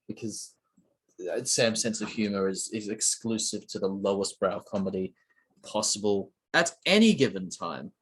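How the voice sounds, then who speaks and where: A man's voice: on the low side, animated, normal speed, fairly bright tone, husky. Rambling young man with a sore throat. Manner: rambling, self-mocking, many fillers and restarts. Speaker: channel host. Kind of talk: casual solo chat while building.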